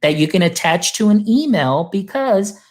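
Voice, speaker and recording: Upbeat chatty man walking through software. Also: high voice, expressive, normal speed. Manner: upbeat, chatty, lots of filler phrases. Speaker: guest demonstrating software; educator supporting teachers. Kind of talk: casual screen-share tutorial.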